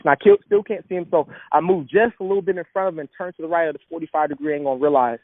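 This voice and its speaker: A man's voice: a little high, dry recording. A young man earnestly telling a heartfelt personal story of hardship and faith. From Southern California. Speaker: speaker. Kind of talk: personal testimony talk. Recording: thin phone-like sound.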